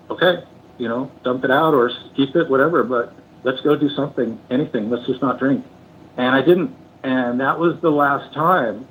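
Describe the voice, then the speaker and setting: An older man calling in, recounting his turn away from drinking in an earnest, halting way, close to tears. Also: medium pitch, a little hiss or hum. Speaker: call-in guest. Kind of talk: emotional personal testimony. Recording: tinny phone line.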